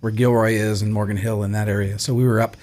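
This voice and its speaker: A man's voice: on the low side, flat delivery, fast talker, a little mellow. Man explaining in casual chat. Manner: explains with restarts and repeats. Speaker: podcast co-host.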